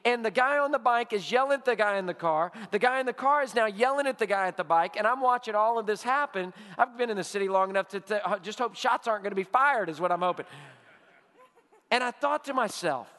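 A man preaching a sermon as pastor, telling stories with animation and dropping to a hush for emphasis. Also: sits high, lively intonation, quick pace, in a large hall. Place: church sanctuary.

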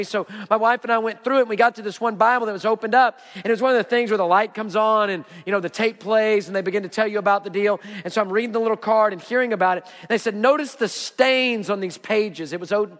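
Pastor, male, middle-aged, high voice, dynamic sermon delivery, long church reverb. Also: steady tone, racing, few pauses. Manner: dynamic preaching, swings from loud emphatic repeats to hushed low lines.

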